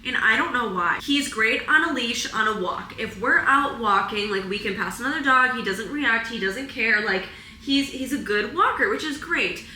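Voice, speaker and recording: Her voice runs on the high side, animated, pushed and bright, at normal speed with hardly any pauses. The young wellness vlogger, filming a confessional at home in her apartment, rambles tearfully and says "like" constantly, captured in a low-quality, reverberant recording with a little hiss or hum.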